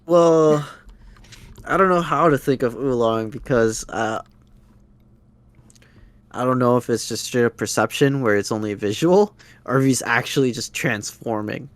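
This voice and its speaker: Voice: medium pitch, measured pace, no echo. A podcast co-host joining a casual watchalong chat with playful, reactive banter. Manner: giggly, reactive banter with frequent laughs.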